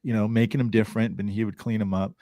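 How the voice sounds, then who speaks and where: A man, a podcast guest, telling a lively and casual story, swearing and acting out the voices of the people in it. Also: fairly low pitch, fast, no echo, studio quality. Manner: animated, swearing, acts out voices.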